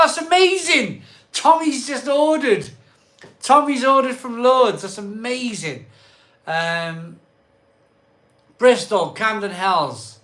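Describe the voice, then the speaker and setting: Middle-aged stream host, high and bright, casual and jokey, lists names quickly. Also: male voice. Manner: chatty, rattles off place names in a quick list; swears mildly, jokey banter with viewers. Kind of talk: casual live stream chat, reading out viewer comments.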